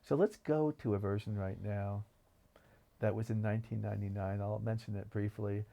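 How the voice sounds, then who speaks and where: A man's voice: fairly low pitch, fairly even intonation, normal speed, creaky, dark tone. A man co-hosting a podcast, talking about films in an enthusiastic, rambling way. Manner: enthusiastic, digressive storytelling. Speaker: podcast co-host. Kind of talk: casual film discussion.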